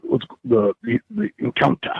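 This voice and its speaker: A man, a podcast guest, telling a story in a casual, animated way, full of fillers and restarts. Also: high voice, normal speed, creaky, breathy edge, no echo, narrow, tinny audio.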